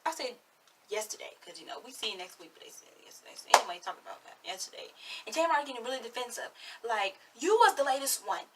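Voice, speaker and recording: A woman's voice: on the high side, very animated, fast, recorded from a distance, background noise. An eighteen-year-old woman giving sassy, blunt, chatty commentary on a reality show in her vlog. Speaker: vlogger.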